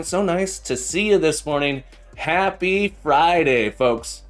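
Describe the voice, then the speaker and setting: Over faint background music, a middle-aged man runs a relaxed live coding stream as a programming teacher, cracking puns and frequently saying things twice. His voice sits on the high side, animated yet slow.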